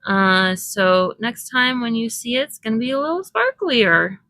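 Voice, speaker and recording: A woman's voice: on the high side, animated, normal speed, no echo, poor audio. A woman vlogger chatting casually and thinking aloud as she works on a craft project. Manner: chatty, thinking aloud while working, soft laughs.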